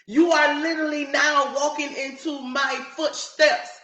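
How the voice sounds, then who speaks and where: A woman's voice: high voice, fairly even intonation, a little slow, fairly bright tone. A woman vlogger giving emphatic, repetitive casual commentary as a mother reacting to online drama. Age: adult mother. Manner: emphatic, ranting, repeats herself. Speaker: YouTube vlogger. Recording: roomy echo.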